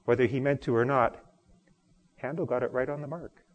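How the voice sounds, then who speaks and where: A man preaching a sermon as pastor, expressive, swinging from loud emphasis to quiet. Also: mid-range voice, brisk, big-room sound, muffled recording.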